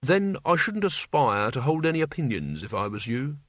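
A man voicing a grumpy old male servant who talks gruffly and impatiently, in a dry recording. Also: medium pitch, very animated, normal speed, no echo.

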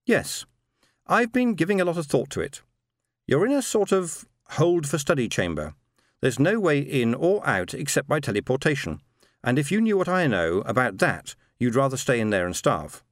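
A man's voice: mid-range voice, very animated, moderate pace, no room sound, studio quality, voice pushed up, lightly acted. A man voicing a brusque, powerful machine intelligence that speaks through robots, reading a story. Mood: cool.

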